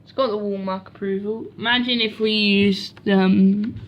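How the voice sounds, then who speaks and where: A woman's voice: mid-range voice, steady tone, normal speed. A woman vlogging casually at home beside a washing machine, rambling and correcting herself as she goes. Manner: rambling, self-correcting, chatty asides. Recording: dull lo-fi home recording.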